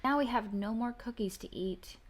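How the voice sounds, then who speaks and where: A woman's voice: fairly high pitch, normal speed, close to an everyday voice. Toad, a woman reading aloud as a fretful shrieking male toad. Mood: anxious. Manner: wails and shrieks, easily flustered.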